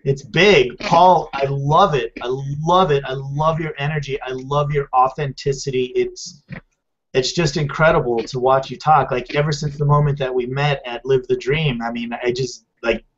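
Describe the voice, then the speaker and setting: A man's voice: medium pitch, fairly even intonation, moderate pace. Effusive man, muffled and off mic. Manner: effusive, admiring, uses many fillers. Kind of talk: casual chat.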